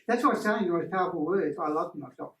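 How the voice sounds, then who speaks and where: Man, animated storyteller, roomy room, distant mic. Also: high-pitched, a little fast. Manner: animated storyteller who acts out voices. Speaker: energy healing workshop presenter. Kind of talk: casual teaching talk to a small group.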